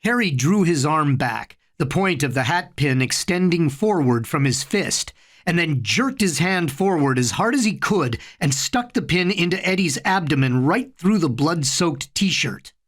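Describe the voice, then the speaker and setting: Slow, expressive horror storyteller. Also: mid-range voice. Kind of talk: slow dramatic reading of horror fiction.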